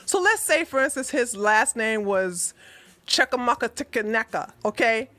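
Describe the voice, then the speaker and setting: A woman host telling a story casually to camera, chatty and animated, acting out what people said. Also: on the high side, normal speed, no echo. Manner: animated, chatty, breaks into laughter, acts out quotes. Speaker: channel host.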